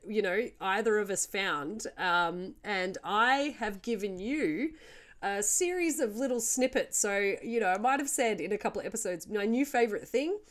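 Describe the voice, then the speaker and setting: A woman co-hosting a podcast in casual chat, enthusiastic and chatty, full of "you know" and "like". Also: on the high side. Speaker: podcast co-host.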